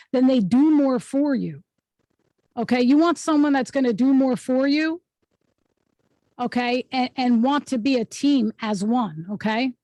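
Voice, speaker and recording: A woman's voice: sits high, warm tone, no room sound. A woman hosting an online workshop over a video call, teaching in an emphatic, instructive way and often checking in with the group. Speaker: host and speaking coach.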